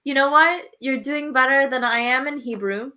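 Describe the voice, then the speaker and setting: Bright-voiced joking woman. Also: high voice, moderate pace. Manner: joking, teasing. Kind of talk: casual chat.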